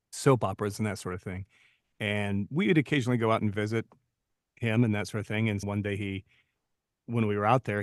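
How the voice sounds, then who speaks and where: A man in his fifties, co-host of a podcast, telling stories from his acting career in a relaxed, reflective way. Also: fairly low pitch, no room sound, clean studio sound. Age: 50s. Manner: storytelling, reflective. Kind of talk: casual podcast chat.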